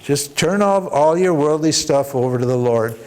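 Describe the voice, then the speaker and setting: A man's voice: on the high side, animated, moderate pace, a little mellow. Chuckling male spiritual teacher. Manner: chuckling asides, frequent rhetorical "huh?". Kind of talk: workshop teaching on devotion.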